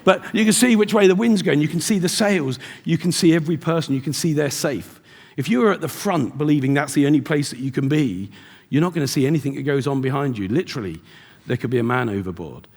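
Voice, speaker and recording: Gravelly middle-aged male keynote speaker, storyteller, recorded live in a reverberant hall. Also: on the high side, lively intonation, quick pace. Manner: storytelling with acted-out dialogue. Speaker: motivational speaker. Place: large event hall.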